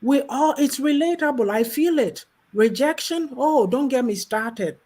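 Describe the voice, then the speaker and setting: A woman's voice: high voice, animated, a little slow, dark tone. A woman from Ghana speaking in casual conversation, outspoken and impassioned. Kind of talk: casual chat.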